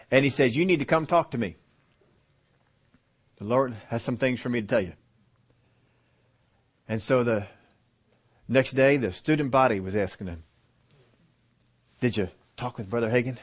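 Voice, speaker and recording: A male pastor preaching a sermon, telling a story quietly and then building to loud, emphatic preaching. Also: on the low side.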